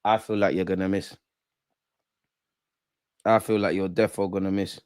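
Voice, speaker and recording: A young man hosting a live football watch-along, chatting in street slang and shouting when goals go in. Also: low-pitched, level tone, normal speed, clear, resonant tone.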